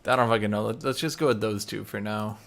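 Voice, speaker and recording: A man streaming live, chatting casually and enunciating loudly into a desk mic. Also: steady tone, quick pace, vocal fry, soft background music. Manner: loud, enunciating into the mic, swings to a low normal voice.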